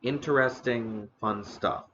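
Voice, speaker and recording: A man hosting a casual live stream about the history of noodles, talking slowly with many fillers and restarts, eating now and then. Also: medium pitch, a bit bright, lo-fi sound, a little hiss or hum. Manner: eating on stream between remarks. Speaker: streamer host.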